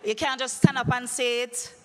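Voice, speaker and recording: A woman emceeing a conference, running a brisk, playful audience quiz and teasing the crowd over a handheld microphone. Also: on the high side, level tone, fairly bright tone. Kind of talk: lively audience quiz hosting. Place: large conference hall. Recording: long hall reverb.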